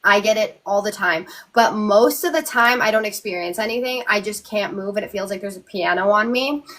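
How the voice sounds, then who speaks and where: A woman's voice: medium pitch, a little fast, fairly bright tone. Young woman chatting on a live, rambly and casual, lots of likes and ums. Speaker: host. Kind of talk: casual live chat, storytelling.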